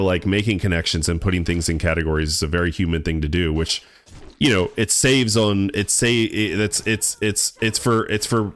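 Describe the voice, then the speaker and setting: Low-voiced laid-back male streamer. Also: fairly bright tone, no echo. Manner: laid-back, rambling, stumbles and repeats words. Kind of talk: casual live-stream chat while gaming.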